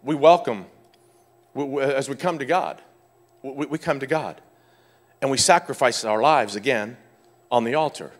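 A male pastor preaching a sermon with fervent energy, rising to loud exclamations and dropping to quiet explanation. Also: medium pitch, normal speed, pauses often.

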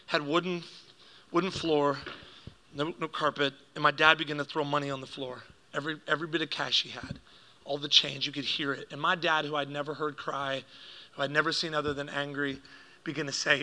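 A man preaching a sermon to a congregation, telling a family story with lively acted-out quotes and laughter at his own jokes. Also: a little high, brisk. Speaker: pastor.

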